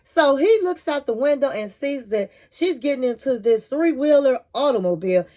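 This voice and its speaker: Woman, casual recap host, slightly high voice, animated storyteller, "honey" asides. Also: normal speed.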